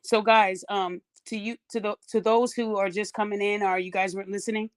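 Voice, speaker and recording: A woman's voice: medium pitch, little pitch movement, fairly quick. A woman hosting a live-streamed podcast, who is soothing toward her guest and blunt and lecturing toward the chat. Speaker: podcast host.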